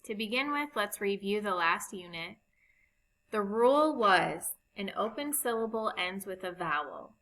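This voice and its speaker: A woman teaching a recorded phonics lesson, explaining spelling rules slowly and patiently. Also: mid-range voice, expressive, fairly bright tone, rough recording. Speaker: reading teacher.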